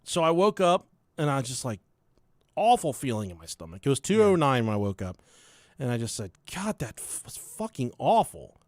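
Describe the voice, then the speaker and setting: A man's voice: mid-range voice, big pitch swings, a little fast, dry recording, studio quality. A young man hosting a podcast, telling a story in a loose, profane way and laughing along with it. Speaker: podcast host. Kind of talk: casual storytelling chat.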